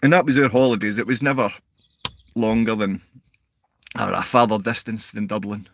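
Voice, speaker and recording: Gravelly and fairly low-pitched, this Scottish livestream host and father keeps a fairly even intonation and a moderate pace while ranting combatively and insultingly at chat comments, rising to shouted outbursts. There's no echo on the recording.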